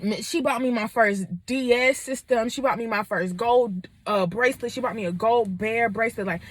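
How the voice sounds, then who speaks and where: Twenties woman spilling her story on camera, candid, animated, kinda high voice, dry sound. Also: normal speed, dry recording. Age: 20s. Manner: candid and animated, lots of fillers. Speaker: vlogger. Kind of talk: personal storytelling.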